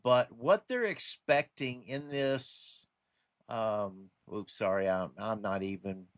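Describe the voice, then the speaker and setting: Speaking slowly in a fairly low voice, a man who vlogs religious commentary gives a rambling, casual monologue for his online channel. He restarts often and takes a warning tone, and the studio sound is clean with no room sound.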